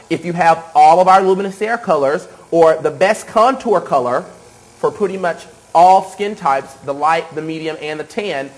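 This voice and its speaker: A man's voice: fairly high pitch, rough recording. A man giving a live makeup tutorial, enthusiastic and repetitive, often checking in with "okay?". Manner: enthusiastic, repeats cues and says okay often. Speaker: makeup artist demonstrating airbrush.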